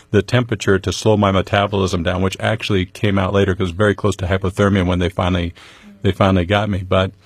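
Low, husky-voiced man recounting a survival story. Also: no echo. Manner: conversational, earnest, with wry humor. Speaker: interview guest. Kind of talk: personal storytelling.

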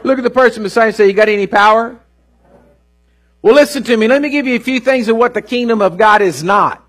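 A man delivering a church sermon in a high, husky voice. He preaches earnestly, repeating phrases and tossing out "hello?" to the congregation. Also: fast talker, fairly bright tone. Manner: call-and-response preaching with "hello?" asides; earnest, repeats words for emphasis. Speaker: pastor. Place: church service.

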